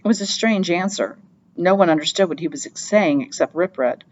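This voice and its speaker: A woman narrating an audiobook in a steady, plain storytelling manner. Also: fairly low pitch, normal speed, dull audio, slight background noise. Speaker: audiobook reader.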